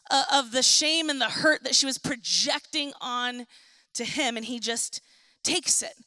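A young woman with a high, bright voice delivers a sermon as if chatting with her congregation, slipping into lively little voices for the figures in the story. The sound is close and dry, with no room echo. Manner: conversational and animated, acting out Bible figures. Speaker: pastor.

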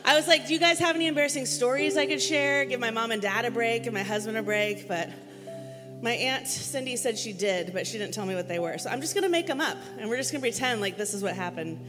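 A woman with a fairly high voice speaks from a church stage, chatty and self-deprecating, scattering fillers through her stories. Her voice rings out with a long hall reverb, and faint music sits underneath. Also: fast talker. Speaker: guest speaker filling in for the pastor. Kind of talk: casual church sermon.

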